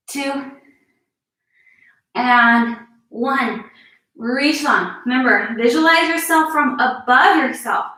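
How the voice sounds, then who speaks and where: Bright high-voiced woman cueing yoga. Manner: encouraging, cueing moves while exercising. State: slightly out of breath. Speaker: fitness instructor. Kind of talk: live-streamed yoga class instruction. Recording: echoey room, distant mic.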